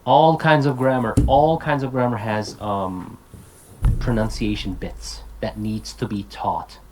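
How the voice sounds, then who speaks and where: A man's voice: fairly low pitch, steady tone, a little slow, darkish tone, slight background noise, rough recording. A man giving an online talk to language teachers. He is casual and direct, repeats his points, and says example words aloud as drills. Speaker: lecturer.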